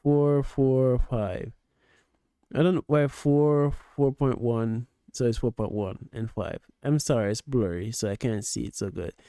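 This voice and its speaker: A man's voice: medium pitch, a little slow, dark tone, clean tone, no room sound, clean studio sound. A man streaming his reaction to a video, explaining his view patiently and often restarting and repeating words. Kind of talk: casual reaction commentary.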